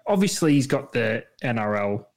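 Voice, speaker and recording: A man's voice: mid-range voice, very animated, moderate pace. A man co-hosting a fishing podcast, chatting casually with lots of fillers. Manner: casual, filler-heavy, eager. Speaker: podcast co-host.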